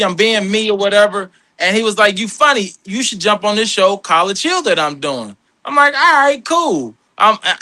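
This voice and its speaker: A guest comedian and actor with a high, bright voice tells animated stories in a casual podcast chat. He acts out the people he quotes in a higher voice, and there's no room sound.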